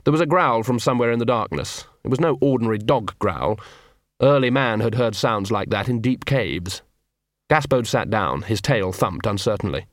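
A man narrating an audiobook in a dry, measured storytelling manner. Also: medium pitch, animated, dry recording. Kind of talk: scripted narration.

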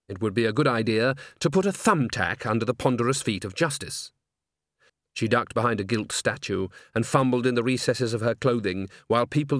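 A man's voice: mid-range voice, no echo, clean studio sound. Man narrating a wry audiobook. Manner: measured, wry storytelling. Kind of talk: scripted narration.

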